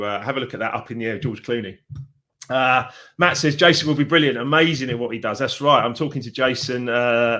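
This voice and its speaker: A man's voice: mid-range voice, a bit bright. A man, a success coach giving an encouraging, chatty motivational talk on a live stream, with frequent fillers.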